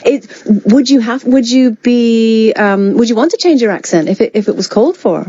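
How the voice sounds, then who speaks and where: A woman's voice: fairly high pitch, animated, normal speed, warm tone, no echo. Playful woman radio host. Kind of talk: casual radio interview chat. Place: radio studio. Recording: slightly muffled dry radio studio sound.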